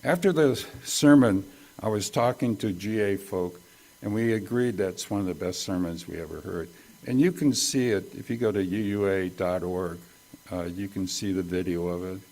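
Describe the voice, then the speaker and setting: A male pastor giving a conversational sermon at a church service, folksy and quick to joke about his own slips. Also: low-pitched, darkish tone.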